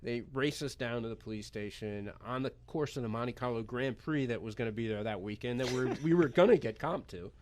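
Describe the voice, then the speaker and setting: Male guest, American, mid-range voice; animated, chatty raconteur for a radio interview. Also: medium pitch, fairly quick, hardly any pauses, a little hiss or hum. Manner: animated, chatty, laughs while telling the story. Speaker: poker pro guest. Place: radio studio.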